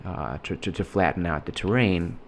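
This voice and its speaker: A man giving casual, rambling commentary while playing a game, halting and restarting his sentences often. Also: low-pitched, a little hiss or hum. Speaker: gameplay commentator.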